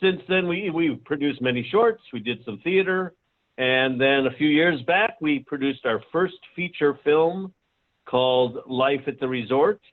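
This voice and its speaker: A man speaking as a producer guest on a video call, halting and full of fillers. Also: a little high. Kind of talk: casual talk on a video call. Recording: tinny phone-like call audio.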